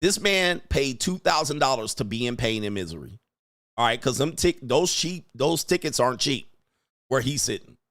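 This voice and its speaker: A man hosting a show, giving loud, crude, mocking commentary on video clips and laughing often. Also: medium pitch, expressive, moderate pace, no echo, clean studio sound. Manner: brash and mocking, laughs often, mimics voices. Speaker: host.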